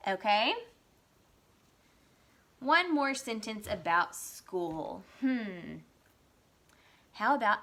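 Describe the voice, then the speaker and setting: This medium-pitched female teacher walks young kids through a writing lesson at a slow, clear pace, voicing sample sentences in an energetic, excited way.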